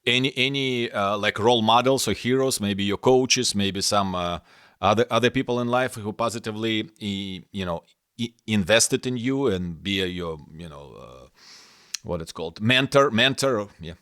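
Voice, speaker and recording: A man from Ukraine hosting a podcast, asking questions haltingly and searching for words. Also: on the low side, fairly bright tone, clean tone. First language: Ukrainian or Russian. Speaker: podcast host.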